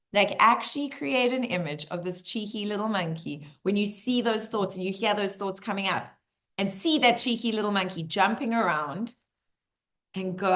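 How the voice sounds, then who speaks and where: A woman hosting a community Q&A, talking to a live group in an animated, playful way. She keeps checking in with her listeners and turns soft and slow for reflective moments. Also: medium pitch. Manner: drops to a soft, slow, hushed voice for reflective passages. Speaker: community Q&A host, personal growth speaker.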